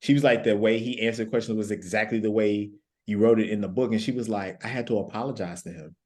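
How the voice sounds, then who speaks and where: A man's voice: fairly low pitch, fairly even intonation, fast, darkish tone. A man speaking as a guest life coach on a panel, telling stories earnestly and repeating key phrases for emphasis. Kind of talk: panel discussion, storytelling.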